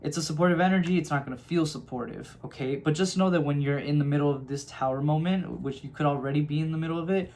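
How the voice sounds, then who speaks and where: A man's voice: fairly high pitch, fast talker, hardly any pauses, darkish tone. A man giving a casual tarot reading to camera, chatty and reassuring, often checking in with "okay?" and calling his listeners his loves. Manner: affectionate, calls listeners "my loves". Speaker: tarot reader.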